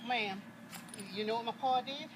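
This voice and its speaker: A woman putting on an eager young enslaved boy who recalls the war with quick, excited dialect. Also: a little high, close to an everyday voice. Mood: storytelling. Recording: noisy outdoor recording with passing traffic.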